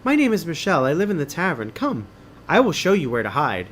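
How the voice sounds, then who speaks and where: A man's voice: fairly high pitch, huge pitch swings, quick pace, fairly bright tone, slight background noise, pitched above the performer's own voice. A man voicing a young, eager orphan girl with long braids, reading her lines aloud in a lightly raised voice.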